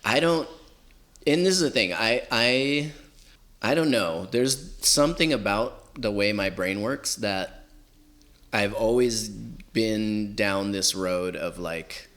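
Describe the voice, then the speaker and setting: A man's voice: fairly low pitch, slow pace, fairly bright tone. A man from Southern California in his forties, telling stories in a casual chat, rambling with lots of filler words. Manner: rambling, heavy use of "like" and "you know". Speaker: podcast guest. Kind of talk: casual storytelling.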